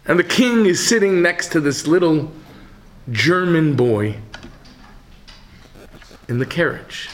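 A man with a high, very lively voice delivers a sermon as a story. He speaks slowly and dramatically, dropping to a hush and then rising to shouts. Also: a little hiss or hum. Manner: dramatic, swings from hushed to shouting.

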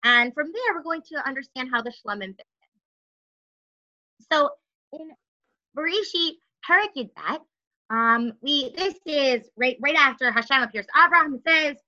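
A woman's voice: sits high, lively intonation, moderate pace, pauses often, sharp tone, highs cut off. A woman giving a Torah lesson, reading Hebrew verses aloud and explaining them, often restarting and asking rhetorical questions. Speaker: Torah teacher.

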